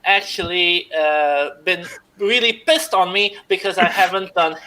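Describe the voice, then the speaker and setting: A man's voice: high-pitched, unhurried, pushed and bright. Jokey man with a put-on Aussie twang. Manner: jokey, puts on a poor Aussie accent. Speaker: livestream panelist singing a parody song. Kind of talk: casual banter and sung parody.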